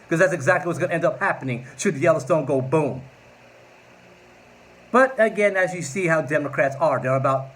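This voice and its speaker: A man in his forties delivers a combative political rant straight to camera. His voice sits fairly high for a man, and he keeps a sarcastic, mocking edge throughout. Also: a bit bright. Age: 40s. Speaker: political vlogger.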